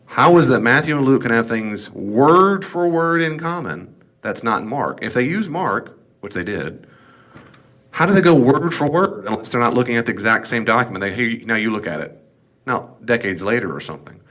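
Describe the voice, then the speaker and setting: A man's voice: mid-range voice, expressive, normal speed, fairly bright tone. A middle-aged man teaching a Bible class in a conversational, folksy way with humorous asides. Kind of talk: classroom lecture.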